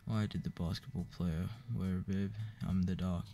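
A man reading a joke book aloud in a flat, weary way, with profane asides. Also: low voice, normal speed. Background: clear background music.

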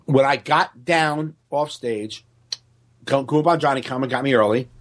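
Speaking a little slowly in a mid-range voice, this male comedian spins a story in relaxed podcast conversation. Expect plenty of swearing and lively impressions of the people involved.

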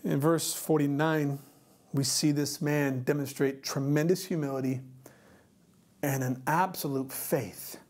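A man's voice: fairly high pitch, fairly even intonation, measured pace, a little mellow. A male pastor preaching a sermon in an earnest, emphatic way, repeating rhetorical questions.

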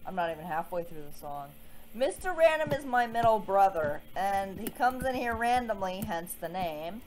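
A woman's voice: mid-range voice, lively intonation, normal speed. A young woman livestreaming a game, chatting casually, swearing a lot and mocking herself. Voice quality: frequent swearing, self-mocking asides. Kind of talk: casual livestream chat while gaming.

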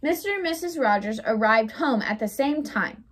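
A young woman reading a children's story aloud in an expressive, animated way. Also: a little high, normal speed, a little hiss or hum. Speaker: storybook reader.

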